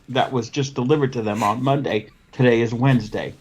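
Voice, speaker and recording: A man hosting a casual podcast, telling a work story in an animated way and acting out the dialogue. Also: mid-range voice, a little fast, few pauses, slight background noise. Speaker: podcast host, window cleaning business owner.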